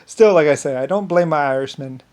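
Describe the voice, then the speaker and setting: A man's voice: fairly high pitch, fairly quick, darkish tone. Rambling, grandiose man talking alone. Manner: grandiose, meandering, repeats himself. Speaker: solo speaker. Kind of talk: rambling unscripted monologue.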